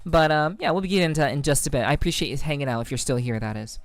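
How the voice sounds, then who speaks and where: A woman's voice: low voice, very fast, dry recording. A woman streamer from New Jersey chatting casually with viewers, rambling, repeating herself and swearing cheerfully. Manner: rambling, stammering restarts, cheerfully profane. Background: faint music.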